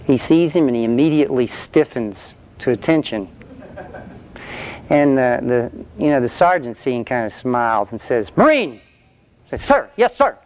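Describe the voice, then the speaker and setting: A man's voice: mid-range voice, moderate pace, a little mellow. Storytelling male preacher. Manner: storytelling with illustrations, conversational. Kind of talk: sermon.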